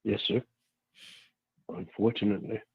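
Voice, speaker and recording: A man calling in to a radio talk show, speaking earnestly and haltingly, with many restarts. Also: lowish voice, flat delivery, gravelly, breathy edge, no echo. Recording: tinny phone line.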